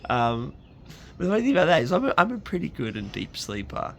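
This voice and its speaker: Gravelly man giving a devotional. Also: fairly high pitch, wildly swooping pitch, fast talker, a little hiss or hum. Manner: conversational, with frequent ums and restarts. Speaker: preacher giving a Bible reflection. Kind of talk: scripture reading and devotional talk.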